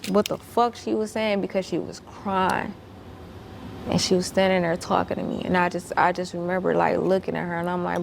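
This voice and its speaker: A woman's voice: fairly low pitch, little pitch movement, normal speed, creaky, a little hiss or hum. A woman telling a story as a guest. She speaks bluntly and emphatically, swears a lot, and repeats herself when worked up.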